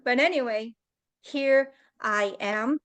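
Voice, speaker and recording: A woman's voice: on the high side, slow, a bit bright, dull audio. A woman speaking as a guest at a leadership summit over a video call, telling a personal story in an earnest, heartfelt way.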